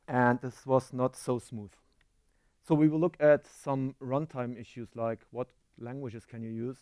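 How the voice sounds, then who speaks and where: A man's voice: mid-range voice, steady tone, moderate pace, warm tone, dry recording. German guy giving a tech talk on stage, dry close sound, jokes about himself. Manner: self-deprecating, quizzes the audience. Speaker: conference speaker. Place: conference hall stage.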